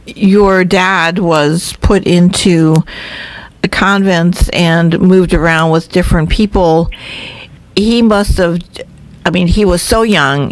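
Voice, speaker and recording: A radio co-host asking slow, drawn-out questions in an interview. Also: mid-range voice, dry recording.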